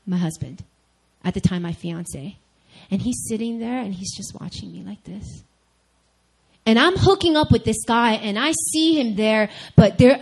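A young adult woman giving a sermon-style personal testimony, candid and animated, speaking straight to her listeners. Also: fairly high pitch, rough recording.

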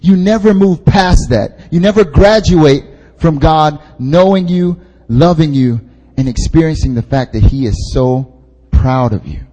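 A man's voice: on the high side, lively intonation, measured pace, dark tone. A young man, an intern pastor, preaching at a prayer meeting in a casual, joking way, repeating his key points for emphasis. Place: church hall. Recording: long hall reverb.

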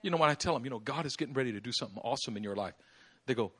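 A man preaching a sermon as pastor, acting out little dialogues with laughter and sudden shouts. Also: medium pitch, lively intonation, rapid-fire. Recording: live church service.

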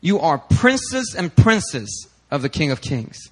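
A man preaching a sermon as pastor, animated and acting out the people he quotes in raised voices. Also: on the high side, takes it slowly, rough recording.

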